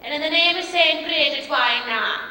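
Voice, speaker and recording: A woman playing a chatty, excitable Irish widowed mother in a stage musical, with an Irish accent. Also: high-pitched, moderate pace, slight background noise. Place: theater stage. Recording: echoey hall, miked from far off.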